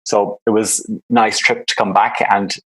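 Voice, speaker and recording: A man in his fifties with an Irish accent, telling his story as an interview guest in a measured way. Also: fairly low pitch, flat delivery, fairly bright tone, low-quality recording. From Ireland. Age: 50s. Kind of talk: conversational interview.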